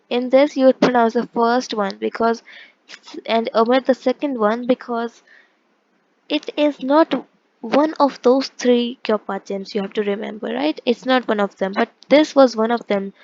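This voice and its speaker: Woman, language teacher, fairly high voice, patient explaining, dull lo-fi sound. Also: vocal fry, darkish tone. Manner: explains patiently, with frequent restarts and check-ins. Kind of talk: casual online lesson explaining pronunciation.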